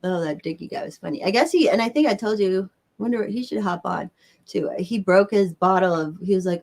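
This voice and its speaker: A woman's voice: medium pitch, a little fast, gravelly, darkish tone. A Southern American woman hosts a livestream and chats with her viewers in a loose, rambling way. She swears casually as she talks to them. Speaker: livestream host. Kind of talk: casual chat answering viewers.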